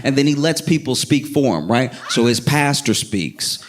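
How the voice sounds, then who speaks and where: Animated male stand-up comedian. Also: mid-range voice, normal speed. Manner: animated, acts out characters. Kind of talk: stand-up storytelling.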